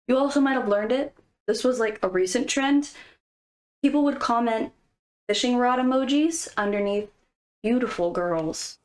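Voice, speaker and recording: A woman vlogger giving casual, playful commentary with jokes and asides. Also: fairly high pitch. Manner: playful, jokey, conversational.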